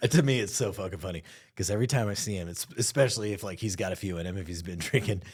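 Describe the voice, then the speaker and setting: Rapid-fire and deep-voiced with a breathy edge, a podcast co-host trades stories casually, cursing heavily, laughing, and throwing in lively impressions.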